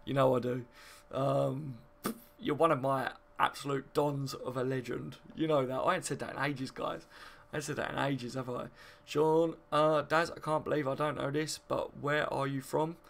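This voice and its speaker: A man's voice: mid-range voice, steady tone, moderate pace, creaky. A man, hosting a live football stream and chatting matily with viewers as he reads the chat. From Kent, England. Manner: chatty and matey, laughs often, calls viewers mate. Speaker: football channel host. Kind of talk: live stream chat reading and match reaction.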